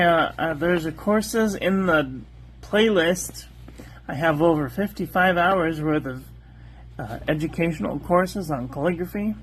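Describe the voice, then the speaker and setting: A woman hosting a calligraphy channel, methodically reviewing ink on one paper after another in a calm, soft-spoken voice. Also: lowish voice, slight background noise.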